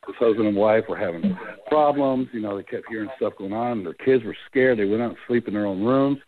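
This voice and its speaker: A man's voice: fairly low pitch, fairly quick. A man, a paranormal investigator, telling his case stories in a casual interview and acting out the voices of the people he quotes. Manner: animated, acts out quoted voices. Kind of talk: casual phone interview storytelling. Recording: tinny phone line.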